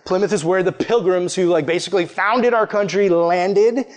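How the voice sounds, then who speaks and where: A male preacher with a fairly high voice tells a personal story in a sermon. His delivery is casual and chatty, full of fillers, with animated retellings. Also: normal speed.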